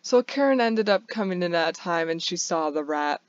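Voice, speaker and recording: A woman's voice: fairly low pitch, lively intonation, normal speed, dry recording, muffled recording, close to an everyday voice. A kind young barista, as a woman reads him. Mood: amused.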